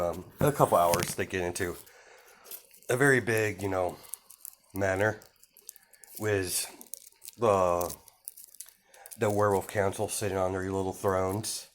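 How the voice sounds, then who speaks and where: A man casually telling a made-up fan story, rambling with many fillers. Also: deep voice. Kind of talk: casual improvised narration.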